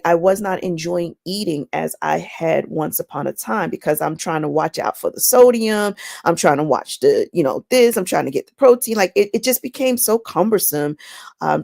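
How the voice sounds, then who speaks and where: Gravelly low-voiced woman sharing faith talk. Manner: chatty and animated, repeating words as she goes. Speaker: inspirational vlog host. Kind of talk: casual faith-based personal talk.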